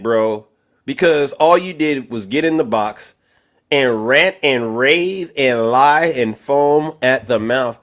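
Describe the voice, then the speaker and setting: A man hosting a live online debate stream, teasing his guest theatrically and swinging from loud outbursts to hushed asides. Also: mid-range voice, animated, slow pace. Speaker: livestream debate host. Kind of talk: animated mocking commentary.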